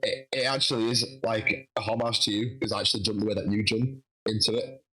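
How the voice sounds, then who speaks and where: A man telling a lively story in a casual interview, acting out what people said. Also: fairly low pitch, brisk, slightly rough, rough recording. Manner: animated, acts out quoted dialogue. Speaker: guest wrestler.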